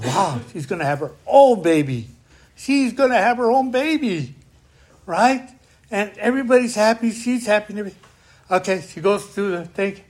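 A man with a slightly higher voice shares his own recovery testimony. He talks emphatically, often tags his sentences with "right?", and slows down and climbs in pitch when anger comes up. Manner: emphatic, rising and slowing when angry, tag questions "right?". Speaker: speaker sharing at a recovery meeting.

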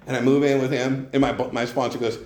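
A man's voice: mid-range voice, flat delivery, fast talker, darkish tone. A middle-aged man giving a candid, conversational personal testimony at a recovery meeting, speaking from a podium with frequent chuckles. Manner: candid and conversational, leans on "you know", chuckles often. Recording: roomy room echo.

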